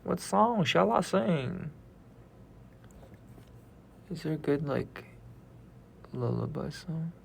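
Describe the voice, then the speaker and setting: A man's voice: a little high, expressive, takes it slowly, gravelly, pauses often, a little hiss or hum. A young man in his twenties hosting a casual livestream, chatting easily and thinking aloud between songs. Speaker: idol livestream host.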